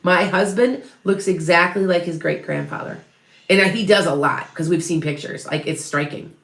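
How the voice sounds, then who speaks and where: A woman's voice: lowish voice, moderate pace, gravelly, fairly bright tone. Rambling middle-aged woman medium, echoey room. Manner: rambling, chatty, many restarts and self-corrections. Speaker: psychic medium. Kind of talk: live reading to viewers. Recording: roomy echo.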